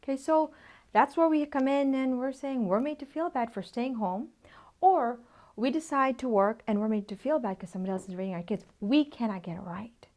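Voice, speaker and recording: A woman's voice: on the high side, a little fast, darkish tone. A woman in her thirties presenting a workshop at a whiteboard, speaking emphatically, often dropping to a near-whisper for effect and checking in with "okay?". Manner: repeats "okay?" to check in with listeners. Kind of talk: teaching talk at a whiteboard.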